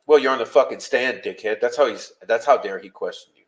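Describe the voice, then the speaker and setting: A man in a middle pitch talks fast and bluntly to his live-stream chat, heated and cursing freely. He's a podcast host, and his casual, conversational delivery has no polish.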